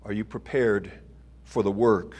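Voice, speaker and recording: A middle-aged man preaching a sermon, slow and deliberate, building to emphatic swells. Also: lowish voice, fairly even intonation, a little mellow, breathy edge.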